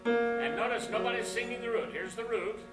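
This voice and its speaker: A man's voice: very high-pitched, fairly quick. A man leading a choir rehearsal, explaining diction and stresses, counting in and singing lines to demonstrate. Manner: animated, counts in and sings phrases to demonstrate. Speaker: choir director. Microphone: camera at a distance. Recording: echoey room, voice from far off, piano. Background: piano and choir singing.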